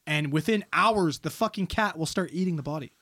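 A man telling stories in casual chat, animated and swearing constantly, talking about his work as an emergency responder. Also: on the high side, fairly quick. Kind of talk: casual profane chat and storytelling.

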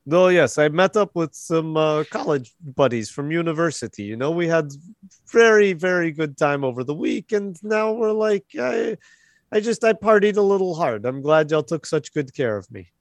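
A man's voice: fairly high pitch, animated, moderate pace, dry recording, studio quality. A man voicing a foreign male character who speaks broken English and insists all is fine. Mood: insistent.

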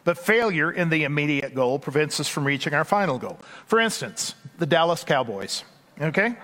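Folksy Texan pastor, male, fairly high voice, preaching in a big echoing church. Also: fairly bright tone. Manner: conversational, folksy, with asides and quick bursts. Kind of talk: sermon. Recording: long hall reverb.

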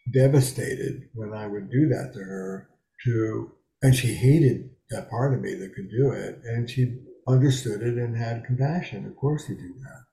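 A creaky, dark-toned, medium-pitched voice belongs to a psychotherapist in his seventies being interviewed from a small bedroom study. The conversation is candid, and he speaks frankly and emphatically, swearing freely, with noticeable reverb.

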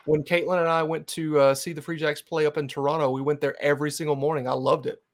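Young nc guy hosting a fan podcast, kinda high voice, laughs a lot. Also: level tone, fast. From North Carolina. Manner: chatty, laughs often, many fillers. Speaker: podcast host. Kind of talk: casual interview chat.

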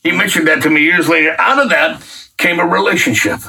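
A middle-aged man telling a faith testimony in a folksy, colloquial, animated way. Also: on the high side, a little fast, vocal fry, breathy edge. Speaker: guest sharing a faith testimony. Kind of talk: casual storytelling testimony. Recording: distant mic.

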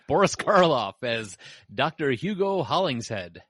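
A man's voice: medium pitch, sing-song, measured pace, fairly bright tone, no room sound, studio quality. A man hosting a casual podcast chat, reading out film credits and trailing off mid-sentence. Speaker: podcast host.

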